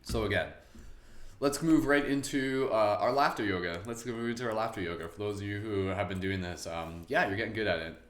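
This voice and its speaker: Male meditation host: low-ish, chatty and upbeat, live-stream guide, echoey room. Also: a little fast, a bit bright. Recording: roomy echo.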